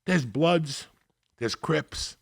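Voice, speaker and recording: Gravelly, profane storyteller man. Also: a little high, drawn-out words. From Cuba. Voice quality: gravelly, husky. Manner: profane, animated storyteller acting out quotes. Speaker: podcast guest. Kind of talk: storytelling in casual chat.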